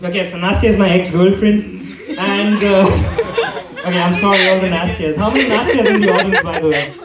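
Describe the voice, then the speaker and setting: A man's voice: high-pitched, brisk, heavy background noise. A man doing a stand-up comedy set on a club stage, rambling with lots of fillers and restarts while the audience laughs. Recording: echoey room, mic far off.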